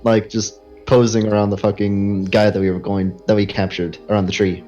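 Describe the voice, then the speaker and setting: A man's voice: on the low side, level tone, normal speed, darkish tone, lo-fi sound, faint music behind. A man playing in a tabletop game, casual and swearing as he recaps. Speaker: player.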